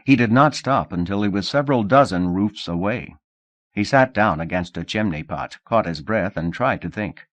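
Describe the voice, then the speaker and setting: A man narrating an audiobook with a steady, measured reading. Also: fairly low pitch, dry recording. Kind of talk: scripted narration.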